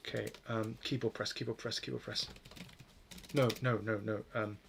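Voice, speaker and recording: A low, flat, creaky voice with a fairly bright tone speaks at normal speed over a little hiss or hum. The man rambles casually while coding live on stream, swearing freely and mocking himself.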